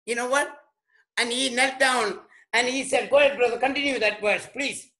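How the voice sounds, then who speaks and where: A man pastor preaching a sermon emphatically, breaking in to comment on the scripture reading and sometimes shouting. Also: very high-pitched, a little fast, creaky. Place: church.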